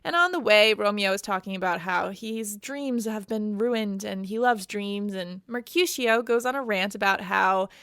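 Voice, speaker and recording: A woman's voice: mid-range voice, normal speed, hardly any pauses, a bit bright, smooth, no room sound, studio quality. Chatty wry woman podcaster. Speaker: podcast host. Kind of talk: casual book recap.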